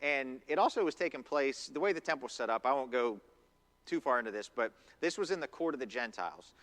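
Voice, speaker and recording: A man's voice: medium pitch, expressive, fairly quick, a bit bright. A man preaching a conversational sermon in a church, acting out quotes as he goes. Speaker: pastor. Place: church sanctuary.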